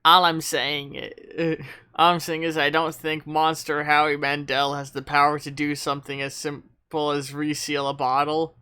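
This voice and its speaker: A man's voice: a little high, bright, forceful tone, clear, resonant tone. A man reading a webcomic's chat lines aloud as a nerdy teenage boy, wry and a little snarky.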